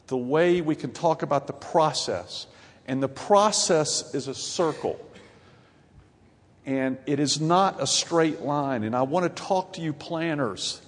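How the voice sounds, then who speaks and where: A middle-aged man with a Southern US accent, a mayor giving a folksy, joking conference speech. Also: on the high side. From grew up in Ohio and North Carolina. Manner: folksy, joking, gets louder and more emphatic. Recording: long hall reverb.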